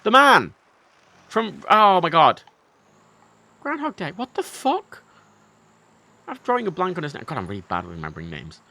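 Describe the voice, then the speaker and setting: A young man livestreaming a game, rambling and mocking himself with sudden loud outbursts. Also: on the high side, sing-song, normal speed, vocal fry, long pauses. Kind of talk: casual gameplay chat.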